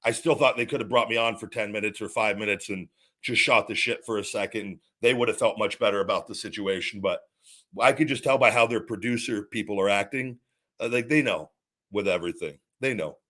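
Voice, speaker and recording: A man's voice: on the low side, a little fast, pushed and bright. A man hosting his own show, ranting in a casual, rambling monologue full of swearing, retelling conversations as quoted dialogue and repeating himself. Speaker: show host.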